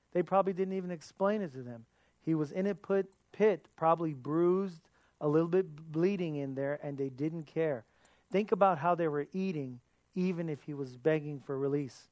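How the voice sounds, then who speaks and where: A man's voice: a little high, dry recording. A man giving a sermon as a pastor, earnest, asking his listeners rhetorical questions.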